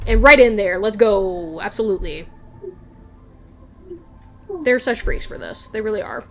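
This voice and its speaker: A young woman chatting casually in a TV recap vlog, gushing and animated, laughing and swearing often. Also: mid-range voice, a little slow, slight background noise. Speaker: recap vlogger. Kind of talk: casual chat, excited TV recap.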